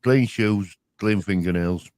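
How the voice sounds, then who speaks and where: A man's voice: on the low side, slow, a little mellow, no room sound. An older man with a Yorkshire accent, rambling through broad-dialect memories in casual chat as a show's co-host. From Yorkshire, England. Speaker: podcast co-host.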